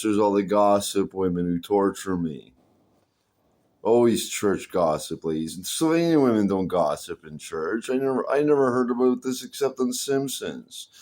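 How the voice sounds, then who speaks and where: A man vlogging a rambling personal monologue, halting, repeating himself and swearing often. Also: fairly low pitch, darkish tone.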